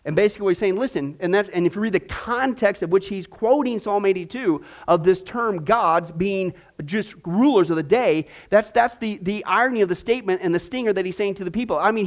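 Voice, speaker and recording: A man's voice: sits high, brisk, hardly any pauses. A man teaching a Bible class in a chatty way, full of corny asides and rhetorical questions.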